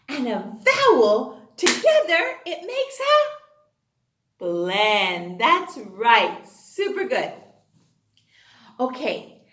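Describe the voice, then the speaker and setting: A woman's voice: high-pitched, a bit bright, echoey room. Sing-song woman teaching phonics to kids. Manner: exaggerated sing-song teacher voice, gasps and prompts. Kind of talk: online phonics lesson for young children.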